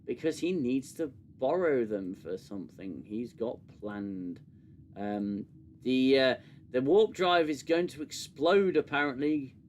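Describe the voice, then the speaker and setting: A UK show host runs a casual review livestream in a mid-range voice, with slight background noise. He rambles sarcastically and fills his talk with lots of fillers.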